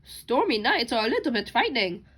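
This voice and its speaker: A woman's voice: a little high, very animated, fairly quick, a bit bright, slightly rough, heavily acted. A woman voicing a timid goose who is afraid of lightning, speaking in a nervous, fluttery way.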